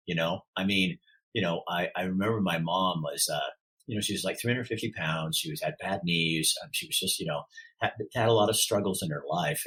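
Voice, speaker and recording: A man's voice: low voice, sharp tone, slightly rough, poor audio. A middle-aged man telling a personal story as a podcast guest. He speaks from the heart and often halts and restarts his sentences.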